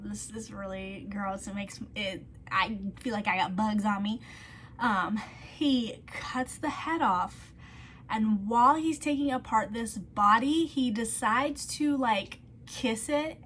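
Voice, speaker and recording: A woman's voice: medium pitch, fairly bright tone, slight background noise. Woman vlogger, casual true crime chat, says like a lot, goes whispery on the gross parts. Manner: chatty, fillers like "like", drops to a whisper on grim details.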